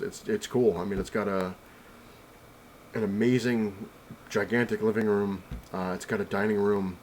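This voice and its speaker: Fast-talking man telling a rambling story. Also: lowish voice, slight background noise, rough recording. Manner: rambling, many fillers and restarts. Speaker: vlogger. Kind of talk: casual storytelling. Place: home.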